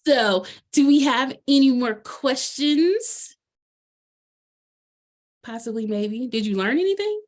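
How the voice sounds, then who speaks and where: A woman's voice: high voice, lively intonation, takes it slowly, long pauses. Chatty bubbly woman coach. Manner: chatty, bubbly, lots of fillers. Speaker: life coach presenter. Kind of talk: casual presentation chat.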